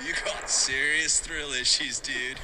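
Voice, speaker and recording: A man voicing an excitable young stoner friend, drawling and breathless. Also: medium pitch, measured pace, lightly acted, poor audio. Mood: excited. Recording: played clip under loud music.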